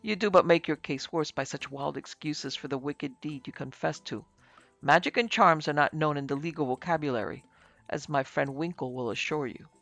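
A man's voice: fairly high pitch, normal speed, vocal fry, fairly bright tone, dry recording, faint music behind. A man voicing a severe, pompous German police inspector who talks down to others. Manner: severe, contemptuous.

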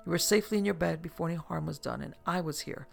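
A brisk, joking hospital doctor in a storybook reading, as a gravelly narrator puts him on. The voice carries fry and a light, jovial push. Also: medium pitch, soft background music. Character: breezy, joking man house doctor.

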